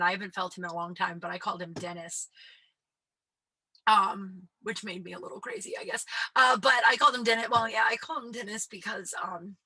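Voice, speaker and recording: Woman, 30s, podcast host, deep voice, rambling, sweary, drops to whispers, dry close mic. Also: sharp tone, breathy edge, dry recording, poor audio. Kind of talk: casual solo podcast chat.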